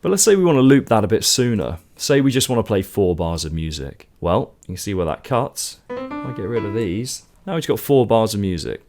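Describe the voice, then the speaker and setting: A man from the UK gives a casual, step-by-step songwriting lesson, counting beats aloud as he goes. His lowish, slightly mellow voice is very animated and brisk, with faint guitar and music playing behind him.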